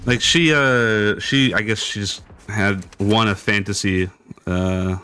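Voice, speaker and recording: A man's voice: lowish voice, steady tone, slow pace, pushed and bright, clear, resonant tone. A young man streamer chatting casually while he plays, rambling and hesitant with lots of fillers. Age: young adult. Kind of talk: casual chat while gaming.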